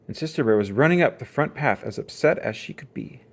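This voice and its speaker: A children's picture book read aloud by a reader with an expressive storytelling manner. The voice sits at a middle pitch and moves lively up and down. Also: fairly quick, few pauses.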